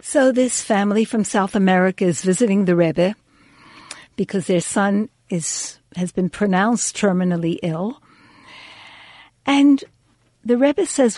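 Slow, deliberate woman radio storyteller. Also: medium pitch, dark tone, no echo. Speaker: radio show host. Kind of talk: storytelling on a radio talk show.

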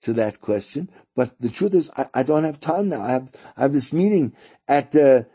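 A man voicing a hurried male visitor who stammers as he rushes to a meeting. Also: mid-range voice, expressive, warm tone, breathy edge. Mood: patient. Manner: flustered, stammering.

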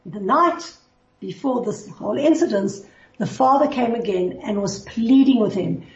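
A woman teaching a Bible class, telling a story in an animated way and acting out the characters' lines. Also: a little high, normal speed. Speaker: Torah teacher. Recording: roomy, distant, dull recording.

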